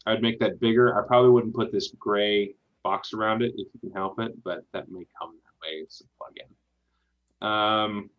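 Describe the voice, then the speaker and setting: A man's voice: lowish voice, fairly even intonation, normal speed, phone-quality sound. A man reviewing a website aloud in casual, encouraging feedback, thinking through each suggestion as he goes, heard over a video call. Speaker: web design reviewer.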